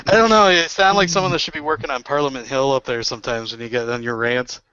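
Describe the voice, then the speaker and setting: A man's voice: medium pitch, fast talker, bright, forceful tone, smooth. A Canadian man in a casual group chat, rambling and laughing often. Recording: dull lo-fi stream audio with faint noise.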